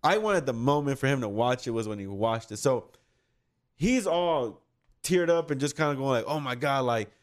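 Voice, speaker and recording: A man's voice: medium pitch, expressive, normal speed. Man, casual podcast chat, rambling storyteller, easygoing and profane. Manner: rambling storyteller, laughs often, swears casually.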